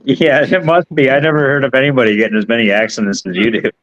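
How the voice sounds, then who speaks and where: A man chiming in loudly and jokingly during a casual chat. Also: medium pitch, fairly even intonation, fast. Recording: dull, lo-fi mic.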